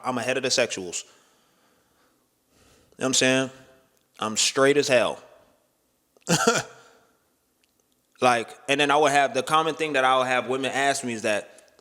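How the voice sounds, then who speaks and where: This young man vlogs a casual, blunt opinion monologue into the camera, peppering it with swear words and frequent "right?" and "you know what I'm saying". His mid-range voice sounds pushed and bright, with a long reverb tail.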